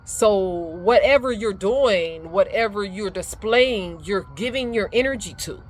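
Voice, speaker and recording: A woman's voice: medium pitch, measured pace, a little hiss or hum. Emphatic middle-aged woman giving advice. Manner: animated, emphatic, laughs often. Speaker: speaker sharing life advice. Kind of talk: casual motivational talk.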